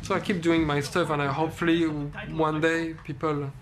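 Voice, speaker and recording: A man's voice: fairly high pitch, little pitch movement, normal speed. Thoughtful man in an interview. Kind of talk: interview answers.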